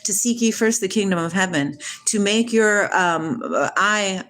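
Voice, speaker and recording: Excitable woman preaching on a livestream. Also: medium pitch, a little slow, slight background noise. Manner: excitable, preachy, talks back to chat. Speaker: livestream host reading chat. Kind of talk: casual spiritual livestream talk.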